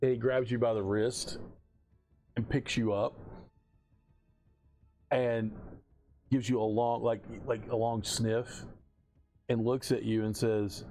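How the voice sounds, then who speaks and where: A man runs a tabletop game, setting each scene in a casual, unhurried way. His pitch sits in the middle, and he often stops to say um. Faint music plays behind him. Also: flat delivery, dark tone. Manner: casual, hesitant with many fillers. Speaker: game master.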